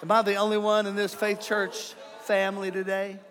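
A middle-aged man preaching a comedic sermon, animated, joking and acting out the voices of his listeners. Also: high-pitched, moderate pace, a crowd in the background. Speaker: pastor. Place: large church hall. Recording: sermon in a reverberant church.

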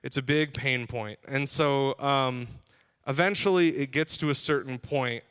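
A man's voice: medium pitch, a little slow, fairly bright tone, clear, resonant tone. A man preaching a sermon in a casual, conversational way, with frequent restarts and fillers. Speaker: pastor.

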